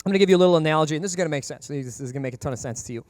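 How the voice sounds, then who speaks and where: A man preaching a sermon as pastor, animated and jokey, acting out characters in comic voices. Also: a little high, very fast, dry recording, studio quality.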